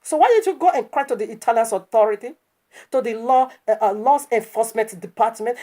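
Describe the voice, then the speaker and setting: A woman's voice: a little high, brisk, dark tone. A woman preaching online in an impassioned, scolding commentary that is full of rhetorical questions and stammered restarts.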